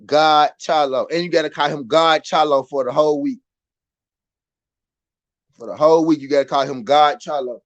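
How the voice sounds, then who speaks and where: A man with a Southern US accent hosting a casual live boxing chat, animated and repetitive, swinging from muttering to loud outbursts. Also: fairly high pitch, normal speed, long pauses, lo-fi sound. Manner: animated, swings from muttered to shouted, laughs often, repeats himself. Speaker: boxing show host.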